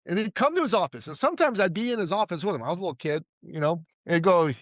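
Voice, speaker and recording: A man from Iran talking as a guest in a casual interview. His voice sits a little high for a man, and he is recorded dry and close. He tells his stories with energy and slips into the voices of the people he quotes. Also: racing, dry recording. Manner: animated storyteller who acts out quoted voices and often says "like" and "right?". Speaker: podcast guest, entrepreneur.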